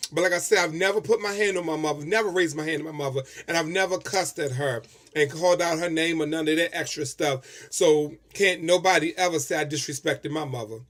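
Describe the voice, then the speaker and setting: This vlogger's voice is strikingly high, and he speaks with heartfelt expression as though addressing his viewers directly. He's in tears while walking through his personal tribute video.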